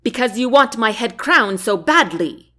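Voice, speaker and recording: A woman's voice: high-pitched, sing-song, a little slow, pitched above the performer's own voice. A woman voicing a proud young queen in a storybook reading, speaking in a firm, indignant way. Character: proud young queen, defiant and quick to anger.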